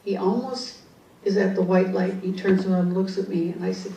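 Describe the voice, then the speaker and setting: A woman's voice: mid-range voice, steady tone, brisk, dark tone, slight background noise. A woman giving a storytelling talk to an audience as a psychic speaker, chatting freely with frequent asides and restarts. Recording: distant echoey hall mic.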